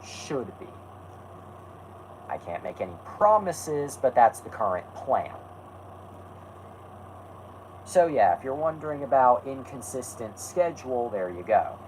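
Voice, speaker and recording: A man's voice: medium pitch, very animated, measured pace, a little mellow, rough recording. Guy rambling on a live stream, voice bounces around a lot, a bit of faint noise behind. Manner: rambling, testy with chat, self-correcting. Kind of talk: casual live stream talk.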